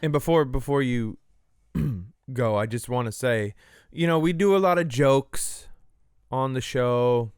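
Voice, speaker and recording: A man hosts a comedy podcast with a smooth, clear voice at an ordinary pitch. He jokes in a casual, deadpan way and slips into mock solemnity. The sound is close and dry. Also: measured pace, no room sound. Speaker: podcast co-host.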